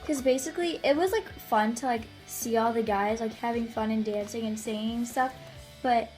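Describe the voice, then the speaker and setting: A woman's voice: fairly high pitch, normal speed, a little mellow, soft background music. A young woman co-hosting a casual vlog, chatty and full of fillers. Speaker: vlog co-host. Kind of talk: casual chat.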